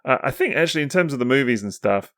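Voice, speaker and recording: Casual male podcast co-host, animated and laughing, steering the conversation; dry sound. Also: medium pitch, fast talker, no echo. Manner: lively, often laughing, jumps in to steer the talk.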